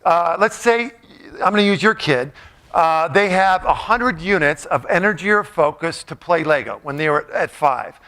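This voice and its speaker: A man's voice: fairly high pitch, lively intonation, moderate pace, pushed and bright. A man giving a playful, jokey motivational talk, quizzing a live audience in a large room. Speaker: motivational speaker.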